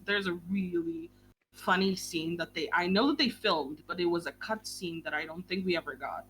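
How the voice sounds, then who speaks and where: A young woman hosting a book club stream in casual chat, talking in a quick, gushing way and swearing casually. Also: lowish voice, a bit bright, a little hiss or hum.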